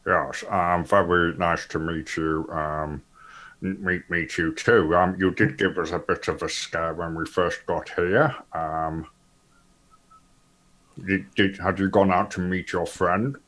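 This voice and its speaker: A man voicing an awkward, polite bodyguard, halting with many pauses. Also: low voice, steady tone, fairly bright tone.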